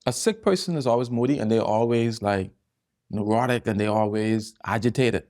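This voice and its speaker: A man's voice: medium pitch, a little fast, darkish tone. A man, a holistic health doctor, talking as a podcast guest and explaining health through stories, often repeating phrases for emphasis. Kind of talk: casual podcast conversation.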